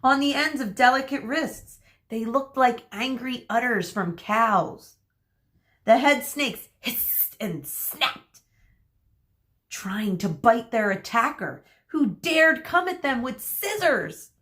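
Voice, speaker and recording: A woman teacher reading a chapter book aloud to children, expressive and addressing them directly. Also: on the high side, slow.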